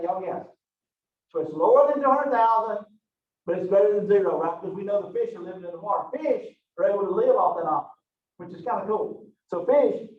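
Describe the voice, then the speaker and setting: A man gives a loose, folksy classroom lecture, chatting and joking with his students as he goes. His voice sits high for a man. The room is echoey, he is heard from some distance, and the sound is dull and lo-fi. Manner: folksy and chatty, Southern phrasing. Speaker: college anatomy and physiology instructor.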